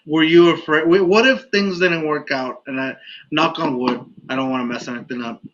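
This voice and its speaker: A man hosting a podcast, telling a story in an animated, casual way and laughing often. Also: fairly high pitch, moderate pace, a little hiss or hum. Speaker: podcast host. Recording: dull lo-fi audio.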